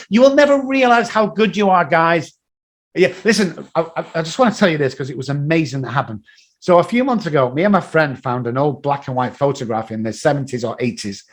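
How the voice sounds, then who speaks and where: A man's voice: a little high, brisk. A man telling motivational stories as a guest, acting out the voices of people in them. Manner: animated, acts out voices in his stories. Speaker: guest, addiction recovery coach. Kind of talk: motivational storytelling.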